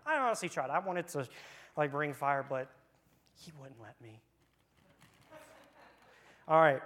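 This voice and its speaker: A man leading children's church gives an interactive Bible lesson to kids in a church room, mixing scripture reading with playful, casual jokes. He has a fairly high, fairly bright voice.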